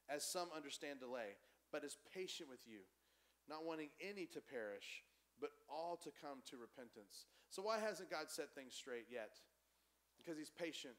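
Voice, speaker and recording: A man preaching a conversational, animated sermon as pastor in a church. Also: on the high side. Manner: animated, conversational preaching, acts out quoted voices.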